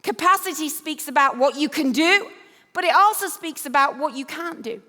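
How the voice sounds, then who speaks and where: A woman's voice: high-pitched, normal speed, pushed and bright. A woman in her fifties from Yorkshire with an English accent, giving a motivational keynote on an event stage, telling stories with self-deprecating humor. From Yorkshire, England. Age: 50s. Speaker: conference speaker. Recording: echoey hall.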